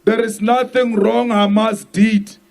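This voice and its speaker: South African man, political leader giving an emphatic rally speech, high voice, slow delivery. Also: little pitch movement, vocal fry. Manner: slow, emphatic, shouted lines.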